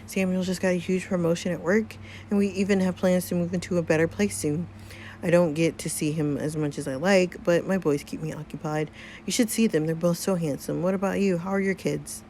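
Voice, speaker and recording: A woman voicing a warm, doting middle-aged mother in a story game, gushing and motherly. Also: on the low side, steady tone, a little fast, slight background noise, lightly acted.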